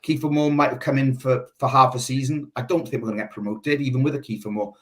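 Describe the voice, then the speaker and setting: A man in casual talk on a football phone-in, sharing his views freely. He thinks out loud and keeps talking through his points. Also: mid-range voice, fairly even intonation, quick pace. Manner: talkative, opinionated, thinks out loud. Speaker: football fan panelist. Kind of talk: casual chat.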